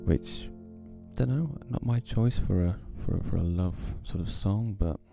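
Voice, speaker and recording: A man's voice: deep voice, measured pace, vocal fry, over loud music. A man hosting his own podcast, talking casually in a rambling, wry, self-deprecating way into a close home mic. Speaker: podcast host. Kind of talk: casual solo podcast talk.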